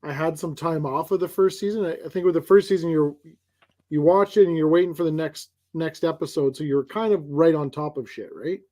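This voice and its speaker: A man's voice: on the high side, brisk, dark tone. A man in a casual stream chat, teasing and joking with friends.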